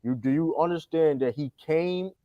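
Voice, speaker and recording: A man's voice: on the high side, no echo, lo-fi sound. A man in a heated sports debate, repeating himself and talking over the others. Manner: fast, repetitive, talks over others. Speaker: podcast panelist.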